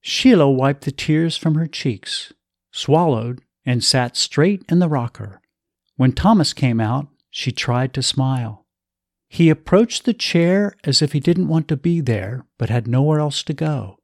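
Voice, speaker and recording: A man reading a story aloud in a measured, expressive way. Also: mid-range voice, dry recording, studio quality. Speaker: narrator.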